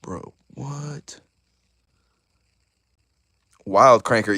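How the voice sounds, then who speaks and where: A young man hosting a casual live stream, excitable and chatty, talking straight to his chat. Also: mid-range voice, slow pace, long pauses, no echo, studio quality. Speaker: YouTuber host of a live stream.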